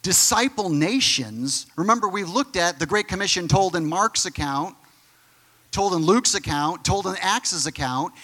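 A man's voice: high voice, bright, forceful tone. A middle-aged man preaching a sermon, explaining scripture in an emphatic, conversational way. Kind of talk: sermon teaching.

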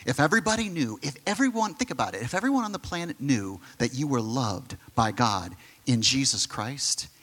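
A male pastor preaching a sermon, emphatic and conversational, who sometimes drops to a soft near-whisper on key phrases. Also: mid-range voice, expressive, brisk. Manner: direct, conversational asides to the congregation.

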